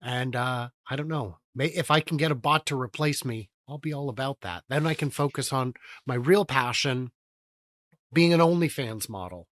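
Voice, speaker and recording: A man's voice: mid-range voice, normal speed, fairly bright tone, no room sound. A man hosting a casual chat, joking and self-deprecating. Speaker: host.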